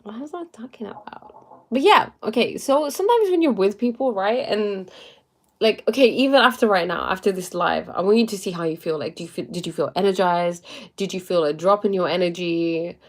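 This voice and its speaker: A woman's voice: medium pitch, lively intonation, a little fast. A young woman casually giving spiritual and motivational talk to live viewers, chatty and full of fillers. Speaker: livestream host.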